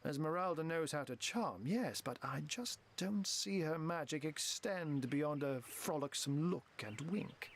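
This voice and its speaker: An actor playing a witty, genteel game wizard who turns into a talking cat, speaking in flowery phrases full of cat puns. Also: male voice, fairly high pitch, animated, measured pace, few pauses. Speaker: game character.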